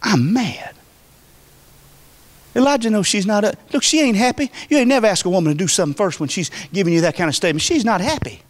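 Pastor, male, folksy emphatic preaching, higher register, big swings up and down. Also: expressive, fast. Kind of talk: sermon.

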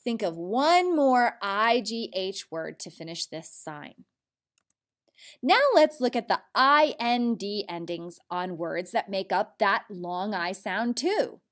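Young woman teacher, slow and animated, clear encouraging spelling-lesson delivery. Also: mid-range voice. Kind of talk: recorded spelling mini lesson.

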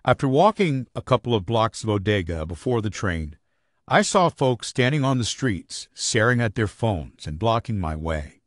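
A man narrating a first-person audiobook with an expressive storytelling delivery. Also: fairly low pitch, normal speed, dry recording, studio quality.

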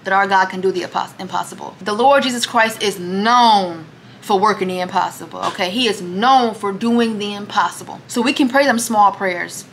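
A young woman with a drawl chatting casually at home for her vlog, lively and teasing, often calling people baby. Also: medium pitch, moderate pace, slight background noise. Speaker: vlogger. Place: home kitchen.

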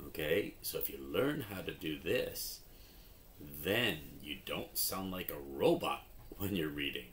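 A man teaching English through a phonics lesson, speaking with an expressive, exaggerated rise and fall. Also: a bass voice, measured pace, slight background noise.

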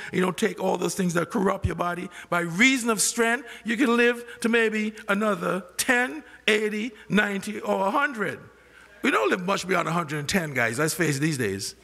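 Older guy preaching, high gravelly voice, asks the church to finish his lines, long echo from a big church hall. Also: bright, forceful tone. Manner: asks the congregation questions and has them finish his sentences. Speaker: pastor. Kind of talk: sermon. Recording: long reverb of a large hall.

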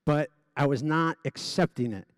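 A gala honoree gives a personal speech to a live audience, stuttering openly with repeated sounds and restarts. His voice is on the high side, his pace moderate, and the recording dry.

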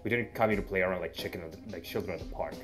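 A man's voice: sits low, very fast, music in the background, natural voice. A man voicing a stern, grim male drake who scolds the others in a visual novel reading.

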